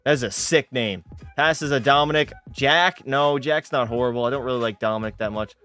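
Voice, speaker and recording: A man's voice: mid-range voice, normal speed, a bit bright, clean tone, faint music behind. A young man streaming a hockey game, chatting with his viewers and getting worked up over the play. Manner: casual, swearing, frustrated outbursts. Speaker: gaming streamer. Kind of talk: live game commentary with chat.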